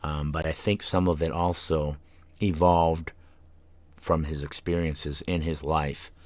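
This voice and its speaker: Super low-voiced guy rambling on his radio show, tired and yawny, dry close mic. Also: flat delivery, slow pace, a little mellow, dry recording. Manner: rambling, tangent-prone, with many fillers and yawns. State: tired, yawning. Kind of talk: casual rambling monologue. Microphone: studio microphone.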